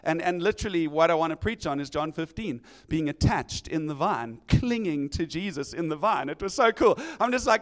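A man preaching a sermon, animated and conversational, acting out the voices he quotes. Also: a little high, moderate pace, hardly any pauses.

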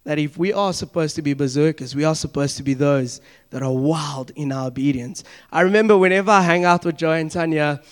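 High-voiced man preaching. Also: fairly quick, clear, resonant tone. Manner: conversational, animated preaching with asides and acted-out dialogue. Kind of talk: sermon.

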